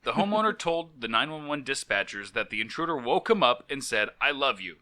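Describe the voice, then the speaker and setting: A man's voice: mid-range voice, very animated, a little fast, pushed and bright. A man co-hosting a comedy podcast, reading out strange news stories and joking about them. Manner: reads news stories aloud, breaks into jokey voices and laughter. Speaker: podcast co-host. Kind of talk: casual comedic chat.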